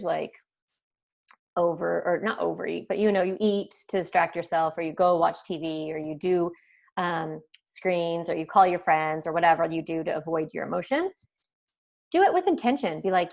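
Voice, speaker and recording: A woman's voice: lowish voice, moderate pace, creaky, darkish tone. Chatty woman parenting coach. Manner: conversational, chatty asides to viewers. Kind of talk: live online training talk.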